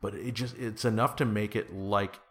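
Very low-voiced man rambling casually. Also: steady tone, moderate pace, a bit bright. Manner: rambling, self-deprecating, trails off with fillers and restarts. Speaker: guest being interviewed. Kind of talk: casual conversation.

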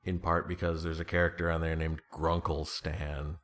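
Very low-voiced man rambling casually. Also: flat delivery, moderate pace, fairly bright tone. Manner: rambling, self-deprecating, trails off with fillers and restarts. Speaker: guest being interviewed. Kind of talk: casual conversation.

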